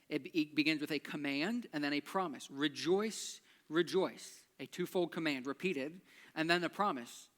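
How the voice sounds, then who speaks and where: Guy at church walking through a hymn, kinda higher voice, chatty, says the beats out loud. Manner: explanatory, chatty, taps out rhythms aloud. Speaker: pastor. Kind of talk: teaching talk on a hymn.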